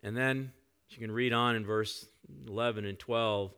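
Low-voiced man preaching a gentle sermon. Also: steady tone, normal speed, clean tone. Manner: conversational, often drops to soft reflective tones. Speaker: pastor.

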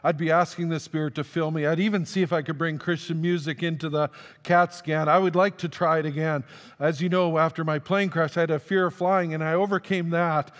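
A man preaching a sermon, telling a personal story in a conversational, self-deprecating way and acting out the dialogue. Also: on the high side. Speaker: pastor. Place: church sanctuary. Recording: long reverb of a large hall.

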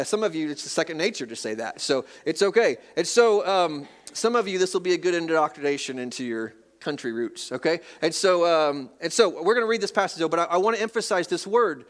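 Folksy pastor preaching a sermon. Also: male voice, a little high. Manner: folksy, reads scripture aloud, jokes with congregation. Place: church sanctuary.

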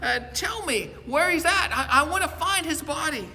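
A man's voice: extremely high pitch, expressive, normal speed, pushed and bright, slight background noise, voice pushed up, exaggerated voice. A man voicing a grieving woman who pleads urgently to find a missing body, heard with long church reverb. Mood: pleading.

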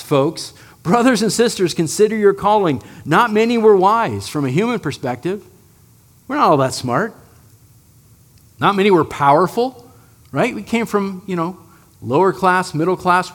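A man preaching a sermon as pastor in a church, talking conversationally and checking in with the congregation with frequent asides. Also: on the high side.

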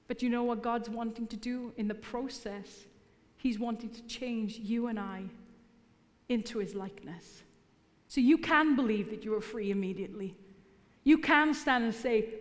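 A woman's voice: on the high side, steady tone, normal speed. Woman preaching in a reverberant hall. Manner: humorous, teasing the congregation. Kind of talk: sermon. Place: church hall.

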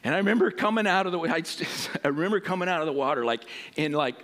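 A man preaching a sermon, telling a personal story in an animated way and acting out voices. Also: a little high, fast.

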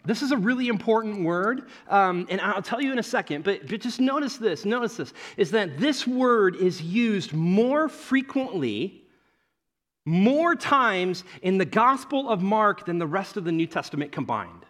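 A man preaching a sermon as pastor in a church, conversational and animated, often acting out the voices he quotes. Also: sits high, measured pace.

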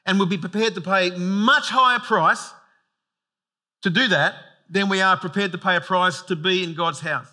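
A man preaching a sermon in a relaxed, conversational way, slipping in humorous asides. His voice is very bright and ringing, sitting slightly high for a man. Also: fairly quick. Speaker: pastor.

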